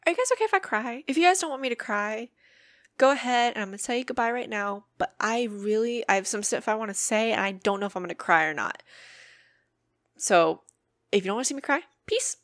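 A woman's voice: a little high, animated, a little fast, dry recording, clean studio sound. A woman hosting her own podcast, talking earnestly and emotionally in a personal monologue and swearing freely. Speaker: podcast host.

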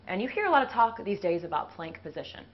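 A woman's voice: mid-range voice, sing-song, quick pace. A woman fitness instructor talking casually through a push-up demonstration, out of breath as she works. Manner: talks while doing push-ups. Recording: dull lo-fi video audio with faint hiss.

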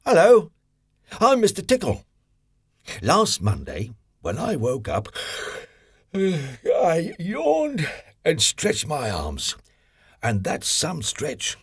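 Mr. Tickle, gleeful and husky. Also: male voice, huge pitch swings, slow, pauses often, no echo, studio quality, exaggerated voice. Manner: gleeful, chatty, squeals up high on each tickle. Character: cheeky, playful male tickling character. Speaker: storyteller narrating in first person. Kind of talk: children's audio story.

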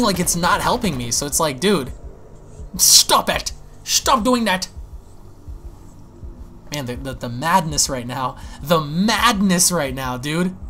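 Excitable man doing gameplay commentary. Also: high voice, a little hiss or hum. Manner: excitable, swears, exclaims and repeats himself. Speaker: gaming YouTuber.

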